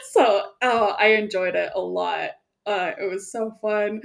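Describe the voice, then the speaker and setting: A woman co-hosting a casual chat, telling animated gameplay stories and laughing often. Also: mid-range voice, takes it slowly, creaky, pauses often. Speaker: podcast co-host.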